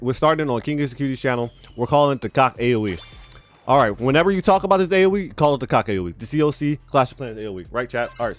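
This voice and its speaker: A man giving casual, rambling gameplay commentary, swearing freely and saying bro a lot, his speech a bit spitty from a retainer. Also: fairly high pitch. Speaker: gaming YouTuber.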